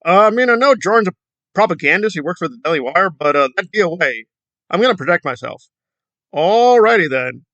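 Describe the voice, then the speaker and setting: A man with a bright, forward voice and a slightly raised pitch talks through commentary in a rambling, hesitant way. His sound is dry and close, with no room around it. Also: expressive, fast talker, dry recording, lo-fi sound. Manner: rambling, hesitant, with frequent fillers. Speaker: commentary YouTuber. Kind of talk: casual commentary.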